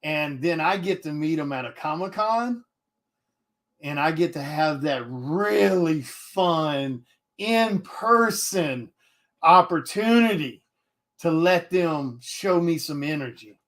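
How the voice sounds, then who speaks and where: Blunt, profane man, higher-pitched. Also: takes it slowly. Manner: blunt, profane, animated, many restarts. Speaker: indie artist talking to viewers. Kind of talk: casual livestream rant.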